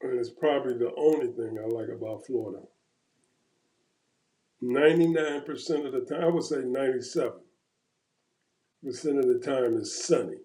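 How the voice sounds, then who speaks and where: A man's voice: medium pitch, moderate pace, long pauses, mellow. A man chatting casually in a laid-back, reflective way. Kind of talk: casual chat. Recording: echoey room.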